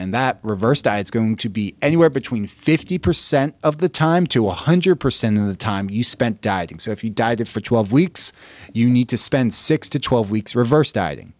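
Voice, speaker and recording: A man with a lowish voice talks straight into the mic in a dry, close recording. He coaches in a blunt, casual monologue, cursing freely and acting out the frustrated reactions of the people he describes. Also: dry recording. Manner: blunt, profane, acts out listeners' reactions. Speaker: podcast host, fitness coach. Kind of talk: casual solo podcast monologue.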